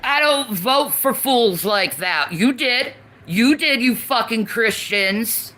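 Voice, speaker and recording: Woman, slow and bright-toned, profane heated rant. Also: on the high side, animated. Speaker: streamer in a played clip. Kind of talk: angry political rant.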